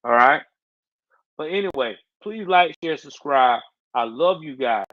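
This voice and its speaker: Man, fairly high voice, slangy livestream host, dry close sound, a bit dull. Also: lively intonation, a little slow, dry recording. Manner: loose, slangy, reads out chat replies. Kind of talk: casual livestream chat.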